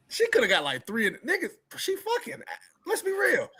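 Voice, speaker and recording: A man's voice: extremely high pitch, bright, forceful tone. A man, co-hosting a casual movie chat with blunt, jokey asides.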